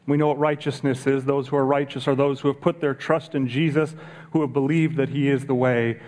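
Speaking to his congregation at a church service, this pastor keeps a conversational tone and poses rhetorical questions. His voice is medium-pitched and slightly mellow, with fairly even intonation and a normal pace.

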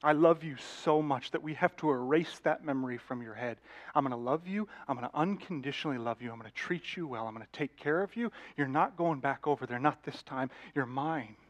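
A man's voice: medium pitch, brisk, lightly acted. A man voicing a devoted prophet husband who stammers when pressed and speaks tenderly to his wife, within a sermon. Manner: stammering, pleading, then tenderly firm.

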